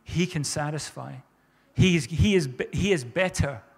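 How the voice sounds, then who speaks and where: A man preaches in a fairly high voice, pressing his points with fervent repetition. His words ring out with the long reverb of a church hall. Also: unhurried, vocal fry, husky. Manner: fervent, repeats phrases for emphasis. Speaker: pastor. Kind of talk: sermon.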